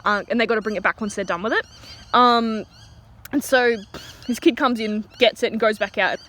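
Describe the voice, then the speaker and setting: A woman's voice: on the high side, normal speed, fairly bright tone, slight background noise. A young woman telling a casual, rambling workplace story with many fillers. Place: outdoors. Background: birds, outdoor ambience.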